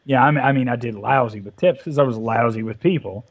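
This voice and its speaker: A man's voice: mid-range voice, quick pace. A man in his twenties telling a long, profane rant during casual gaming chat, his mic level fading at times. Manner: profane ranting storyteller. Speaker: Minecraft let's play co-host. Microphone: headset or desk mic, volume fading at times.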